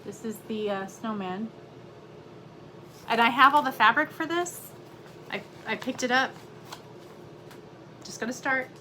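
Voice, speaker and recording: A woman's voice: on the high side, measured pace, long pauses, sharp tone, slight background noise, rough recording. Chatty middle-aged woman at home. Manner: chatty and rambling, many fillers. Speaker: cross-stitch vlogger. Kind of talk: casual chat. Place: home craft room.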